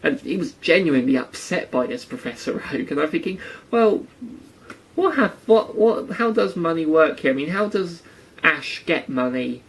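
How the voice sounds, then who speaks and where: A man's voice: fairly high pitch, expressive, normal speed, poor audio. A man giving sarcastic casual commentary on a cartoon episode. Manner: sarcastic, acts out quotes in silly voices. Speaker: anime reviewer.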